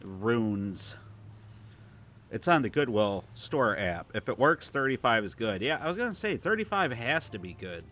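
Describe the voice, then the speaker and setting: A man's voice: medium pitch, big pitch swings, unhurried, fairly bright tone. A man with a Toledo, Ohio accent hosting a casual gameplay livestream, chatting loosely and reading viewer comments aloud. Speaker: livestream host.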